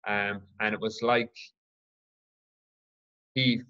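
Low, flat-voiced man. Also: clear, resonant tone, muffled recording. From Ireland. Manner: earnest, reflective and halting. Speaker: podcast host. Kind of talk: solo podcast storytelling.

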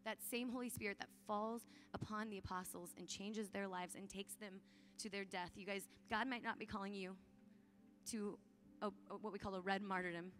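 A woman's voice: medium pitch, steady tone, normal speed, fairly bright tone. A woman giving a talk at a youth conference, earnest and casual, often saying "like" as she urges her listeners on. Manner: earnest, casual phrasing with frequent "like"; urgent, encouraging appeals to the audience.

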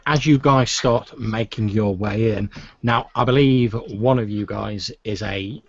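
A man running a tabletop role-playing game as game master, narrating in a relaxed, hesitant way with many fillers. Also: on the low side, measured pace, dry recording. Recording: dull lo-fi recording.

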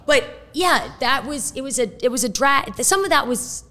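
A woman's voice: high voice, animated, a little fast, sharp tone. Candid storytelling woman, swearing freely. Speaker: podcast guest. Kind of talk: casual chat.

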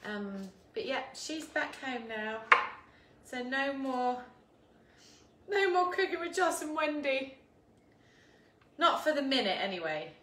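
A woman, chatting casually and laughing as she hosts a live cooking stream from her home kitchen and greets viewers by name. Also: a little high. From England. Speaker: cooking show host. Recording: echoey kitchen with faint background noise.

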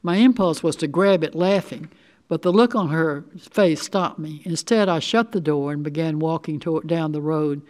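An older woman reading a short story aloud in the first person, with steady, measured storytelling. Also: low-pitched. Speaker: resident reader.

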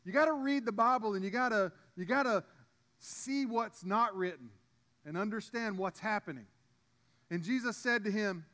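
A man's voice: high-pitched, expressive, moderate pace, pauses often, pushed and bright. A man preaching a sermon as pastor, in a conversational way with frequent restarts and asides to the congregation.

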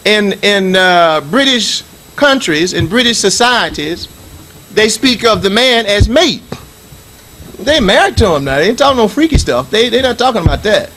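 A man's voice: high-pitched, big pitch swings, moderate pace, fairly bright tone, a little hiss or hum, poor audio. A middle-aged man from the United States giving a Friday sermon as imam in a mosque, preaching emphatically with repetition and reciting Arabic scripture.

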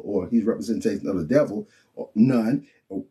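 A man's voice: on the low side, moderate pace. A man preaching and teaching from the Bible in an informal, colloquial way, often checking in with his listeners. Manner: animated and colloquial, with frequent "you know what I'm saying" and "okay?".

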